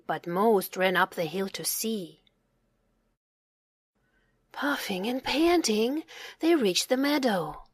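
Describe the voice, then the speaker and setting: A woman narrating a children's storybook in a slow, expressive read-aloud manner. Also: mid-range voice, no room sound, clean studio sound.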